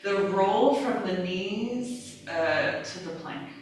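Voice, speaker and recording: Yoga trainer, female, casual and animated, heavy room echo, faint background hum. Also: mid-range voice, slow pace. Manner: casual, lively, acts out cues, laughs often. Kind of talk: live teacher-training class talk. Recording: echoey room, mic far off.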